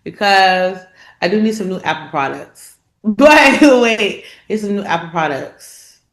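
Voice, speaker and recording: A woman co-hosting a podcast in casual chat, an animated storyteller who acts out loud quotes of her father. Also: mid-range voice, a little slow. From immigrant family, not from this country. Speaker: podcast co-host.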